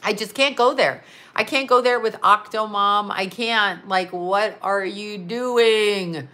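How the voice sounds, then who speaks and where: A middle-aged Canadian woman hosts a casual livestream, reading chat comments aloud and chatting bluntly with plenty of swearing and frequent laughter. Her mid-range voice is bright and forceful, and she takes her time speaking.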